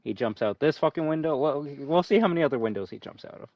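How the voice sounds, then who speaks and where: A male game streamer talks over his play in loose, rambling commentary, swearing freely and drifting into nerdy asides. His pitch swings widely from line to line, and the audio sounds slightly dull and lo-fi. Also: animated, fast talker, darkish tone. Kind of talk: casual gameplay commentary.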